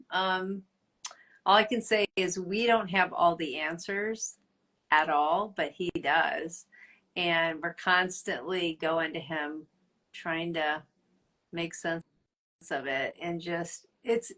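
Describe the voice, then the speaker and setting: A woman's voice: lowish voice, fairly bright tone. A middle-aged woman co-hosting a casual faith podcast, talking in an earnest, encouraging way and laughing often. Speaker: podcast co-host.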